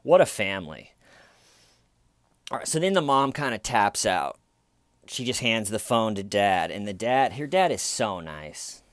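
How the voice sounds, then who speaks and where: A man's voice: fairly low pitch, sing-song, unhurried, no echo, studio quality. A man recapping a true-crime case as a comedian, casual, blunt and sardonic. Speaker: comedian commentator.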